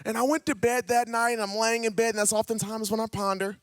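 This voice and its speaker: Guy pastor from ohio preaching a story, high voice, jumps around a lot doing the dialogue, dry sound. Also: quick pace, dry recording. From Ohio, USA. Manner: animated, acts out dialogue with big pitch jumps. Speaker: guest youth pastor. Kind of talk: storytelling sermon. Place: church auditorium.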